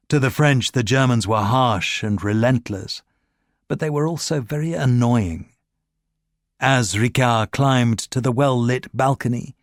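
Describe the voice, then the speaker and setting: A man narrating a novel as an audiobook reader, in measured, steady scripted narration. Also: mid-range voice, no room sound, clean studio sound.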